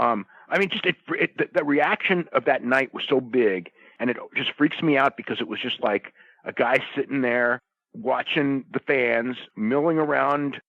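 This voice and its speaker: Man, mid-pitched, casual rambling talker; dry, muffled podcast audio. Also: a bit bright, no echo. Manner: rambling, lots of restarts and "you know". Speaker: podcast roundtable guest. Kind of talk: casual chat. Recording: dull lo-fi sound.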